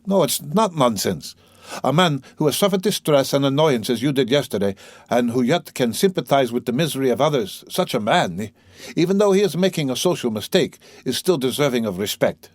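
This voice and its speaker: A man's voice: mid-range voice, lively intonation, fairly quick, dry recording, natural voice. A man voicing an eager young radical. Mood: fervent. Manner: earnest, eager lecturing.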